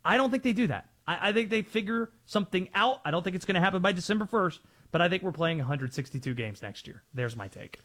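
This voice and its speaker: Male sports talk host, high and animated, opinionated. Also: fast talker. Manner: assertive, opinionated.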